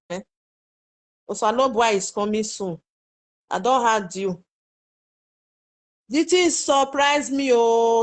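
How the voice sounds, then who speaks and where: A woman's voice: a little high, a little mellow. Chatty woman with a Nigerian Pidgin accent. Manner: exclamatory, chatty, addresses viewers directly. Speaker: social media commentator. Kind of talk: casual live commentary to viewers.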